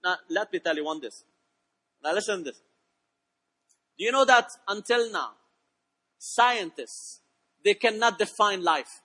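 A man preaching a sermon, prodding the congregation with questions and swinging between quiet asides and loud shouted peaks. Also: high voice, long reverb tail. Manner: emphatic, prods the congregation with questions.

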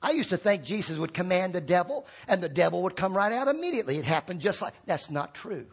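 A male pastor with a high voice and a husky edge to it. He preaches with big swings between loud shouted peaks and quiet low drops, and keeps calling on the congregation to respond. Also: very animated, fast. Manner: rallies the congregation with call-and-response prompts. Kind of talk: sermon.

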